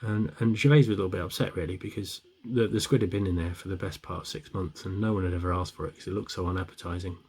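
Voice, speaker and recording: A man's voice: deep voice, steady tone, fast, hardly any pauses, a little mellow, husky. A middle-aged man telling long shaggy-dog jokes in a rambling way, with many restarts. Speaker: joke teller.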